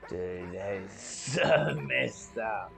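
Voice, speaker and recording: Excitable gravelly-voiced man reacting. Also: fairly low pitch, extremely slow, music in the background. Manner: excitable, swears a lot. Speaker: reaction video host. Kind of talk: casual reaction commentary.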